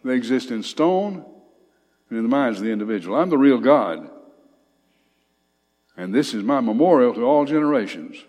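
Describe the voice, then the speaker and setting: A man's voice: medium pitch, animated, normal speed, pauses often, darkish tone, big-room sound. A man teaching a Bible study, reading scripture aloud and commenting on it with emphatic rising lines.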